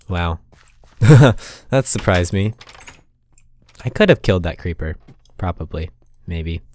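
A man with a notably low voice chats his way through a session of his own gameplay in a loose, casual commentary. He mutters quiet asides to himself and bursts out in sudden exasperation when things go badly. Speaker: gaming channel host.

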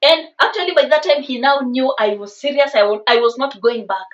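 High-voiced Kenyan woman telling a story. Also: fairly quick. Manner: animated, mixes in Swahili slang. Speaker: vlogger. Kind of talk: casual storytime. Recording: slightly distant, dull sound.

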